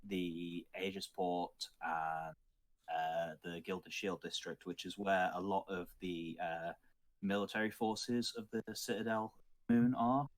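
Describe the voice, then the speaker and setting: A man's voice: deep voice, steady tone, slow. A man running a livestreamed tabletop game as game master, loose and laughing, swearing freely.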